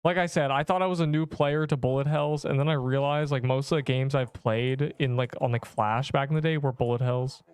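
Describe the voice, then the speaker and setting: Smooth-voiced young male gaming streamer. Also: medium pitch, fairly even intonation, fairly quick, hardly any pauses, no echo. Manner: rambling, filler-heavy, reads chat aloud. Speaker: livestreamer. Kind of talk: casual livestream chat while gaming.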